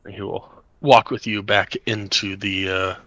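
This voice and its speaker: A man narrating as game master of a tabletop game, unhurried and halting with many fillers. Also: fairly low pitch, flat delivery, bright, forceful tone, no echo.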